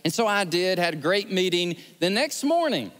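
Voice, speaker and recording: Animated preacher in a reverberant church. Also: male voice, high-pitched, normal speed. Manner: animated storytelling, acts out scenes with rising excitement. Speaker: pastor. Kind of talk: sermon. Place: large church sanctuary. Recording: long church hall reverb.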